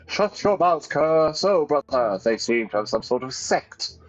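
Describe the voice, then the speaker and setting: A man's voice: on the high side, sing-song, a little slow, soft background music, voice pushed up, rough recording. A man voicing an arrogant young nobleman, pompous and indignant, while reading a game aloud.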